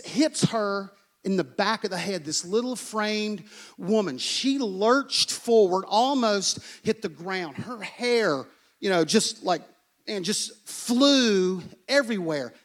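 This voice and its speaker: A man's voice: sits high, a bit bright. A man, a pastor, preaching a sermon in an earnest way, often asking "okay?" and repeating phrases.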